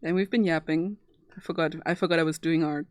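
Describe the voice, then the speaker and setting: A woman's voice: deep voice, steady tone, fast, no room sound. A young woman with German as her first language, chatting casually and laughing often while she draws on a live stream. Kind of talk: casual chat while drawing.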